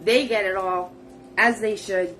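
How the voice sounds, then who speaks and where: A woman's voice: medium pitch, steady tone, unhurried, fairly bright tone, a little hiss or hum. A woman hosting a live-streamed painting class, chatty and bubbly, greeting viewers by name. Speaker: paint party host.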